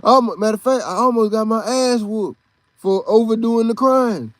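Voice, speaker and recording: A Texan man with a fairly high voice rambles through a personal story, swearing freely and getting animated as he goes. He sounds dry and close to the mic. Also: normal speed, no echo. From Texas. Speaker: podcast host. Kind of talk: casual storytelling monologue.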